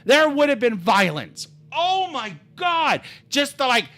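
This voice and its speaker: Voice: sits high, very animated, measured pace, hardly any pauses, a bit bright. A livestreamer telling a rambling, heated story in casual chat, swearing freely and talking over their own restarts.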